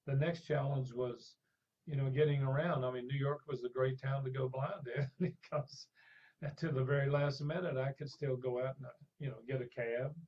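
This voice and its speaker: Older man telling an animated story. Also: mid-range voice, moderate pace, husky. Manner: animated storyteller, acts out voices in anecdotes. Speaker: interview guest. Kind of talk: storytelling in a conversational interview. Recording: dull lo-fi sound.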